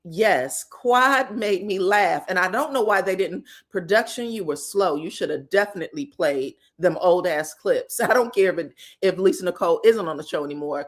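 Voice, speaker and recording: Sassy woman gossiping about reality TV. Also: medium pitch. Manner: sassy, animated, frequent laughs and slang. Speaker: reality TV recap host. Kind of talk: casual gossip recap.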